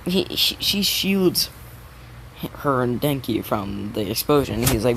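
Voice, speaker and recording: A man at an ordinary mid pitch casually retelling a story, rambling along with frequent false starts. He swears offhandedly as he goes. A steady vehicle rumble stays audible behind his voice. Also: slow pace, vocal fry, rough recording.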